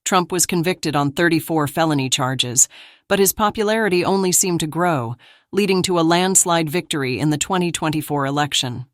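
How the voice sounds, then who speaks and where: Recap narrator: woman, low register, dry booth sound, even and measured. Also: dry recording. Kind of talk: scripted narration.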